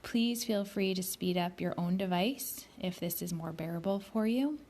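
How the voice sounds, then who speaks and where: A woman hosting her own podcast, speaking slowly and pronouncing each word with deliberate care. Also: fairly low pitch, a little mellow. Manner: deliberately slow and clearly enunciated. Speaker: podcast host. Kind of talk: slow careful podcast introduction.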